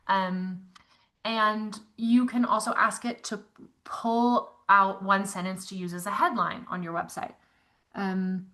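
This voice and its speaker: A woman's voice: mid-range voice, unhurried, sharp tone. A woman yoga teacher leading a live online class, chatty and encouraging, reading out comments from the chat.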